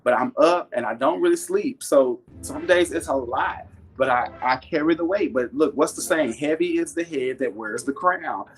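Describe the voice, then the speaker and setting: A man's voice: on the high side, moderate pace, husky. A man hosting a live stream to sell jewelry, chatting casually with viewers in a folksy, preachy, encouraging way and reading out their comments. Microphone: webcam or phone on a live stream.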